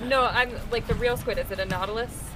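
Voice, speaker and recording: A woman's voice: fairly high pitch, fast talker, over music, low-quality recording. A woman player at a tabletop game, asking curious, stammering questions. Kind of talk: casual chat at game table.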